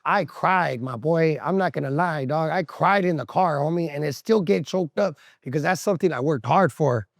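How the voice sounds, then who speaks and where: Gravelly-voiced man telling his story. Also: on the high side, moderate pace, few pauses, dry recording, clean studio sound. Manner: slangy, emotional, swears often, acts out voices. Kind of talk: candid storytelling to camera. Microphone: camera interview setup.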